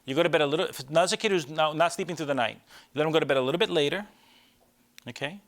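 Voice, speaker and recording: A man's voice: fairly high pitch, very fast, a bit bright. A middle-aged man, a sleep doctor, giving a live talk to parents in a conversational way, often checking in with the audience with rhetorical questions.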